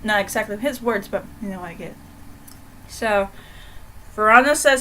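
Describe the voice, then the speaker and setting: A young woman giving a casual, chatty book review in a vlog, animated and full of fillers. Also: fairly high pitch, fairly quick, slight background noise, rough recording.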